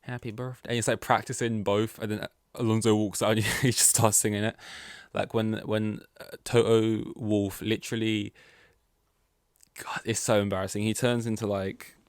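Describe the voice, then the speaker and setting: Young male podcast host, casual solo chat, slightly low voice, dry close sound, rambling delivery with lots of fillers. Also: little pitch movement, moderate pace, clear, resonant tone, no room sound. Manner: rambling, chatty, many fillers and restarts.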